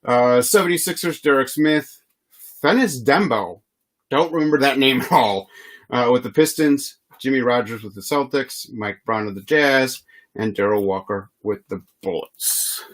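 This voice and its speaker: Chatty man reading off trading cards. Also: mid-range voice. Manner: chatty, laughs often, reads names off rapidly. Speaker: card box breaker. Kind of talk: casual live card-break commentary.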